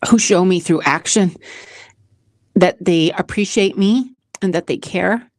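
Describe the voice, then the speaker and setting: A woman's voice: on the low side, a little slow, a little mellow, dry recording. Chatty emotional woman host. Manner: chatty, emotional, rambling with restarts. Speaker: podcast host. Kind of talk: casual chat answering question cards.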